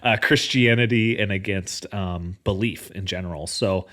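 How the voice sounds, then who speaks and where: A man's voice: deep voice, normal speed, fairly bright tone. A man talking as a podcast guest, casual and reflective, often circling back and restarting his thoughts. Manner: reflective, many fillers and restarts, laughs lightly. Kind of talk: casual conversation.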